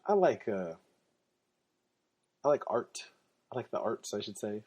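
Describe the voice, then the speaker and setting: A man hosting a podcast, telling casual stories in an animated, slangy way and laughing often. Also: on the low side, a little slow, breathy edge. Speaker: podcast host. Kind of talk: casual storytelling.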